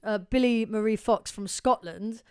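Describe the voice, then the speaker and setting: A young woman co-hosting a podcast, telling stories in a chatty, animated way and swearing freely. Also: fairly high pitch, normal speed, noisy background. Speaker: podcast co-host. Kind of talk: casual chat.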